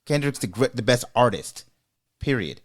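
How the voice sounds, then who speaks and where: A man's voice: medium pitch, big pitch swings, moderate pace. Emphatic man hosting a podcast. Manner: emphatic, opinionated, speeds up when making a point. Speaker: podcast host. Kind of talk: casual debate chat.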